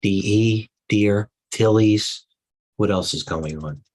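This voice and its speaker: A man's voice: on the low side, takes it slowly, darkish tone, rough recording. A middle-aged man hosting a live stock market stream, commenting off the cuff with rambling asides and restarts.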